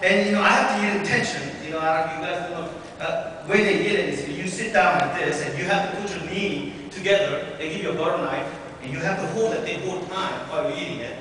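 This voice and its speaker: A man telling his testimony as a guest speaker in a church, animated and acting out the voices of the people in his story. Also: sits high, fast talker. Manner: animated, acts out quoted voices. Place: church sanctuary. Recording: echoey hall from far off, faint noise.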